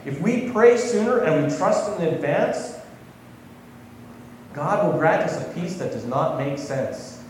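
This sermon comes from a male pastor who takes things slowly and talks in an easy, conversational manner, regularly putting questions to those listening. His somewhat high voice swings widely in pitch, and it reaches the microphone from a distance amid a long echoing hall and slight background noise.

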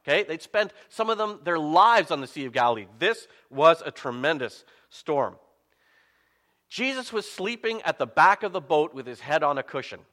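A male pastor delivers a sermon in a fairly high, bright voice. His pitch rises and falls in big, animated swings as he tells the story. He keeps breaking in with self-mocking humor. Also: big-room sound.

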